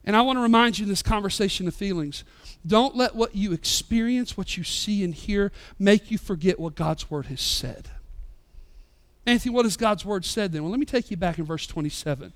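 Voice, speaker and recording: A man in his thirties, a pastor preaching a sermon with passion, rising loud and dropping soft. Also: high-pitched, fairly quick. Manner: impassioned, swings between loud and soft. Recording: live church sermon podcast.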